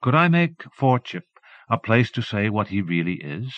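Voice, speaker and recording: A man narrating an audiobook in a measured literary reading, recorded close to the mic and transferred from an old cassette. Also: lowish voice, big pitch swings, no room sound, dull audio.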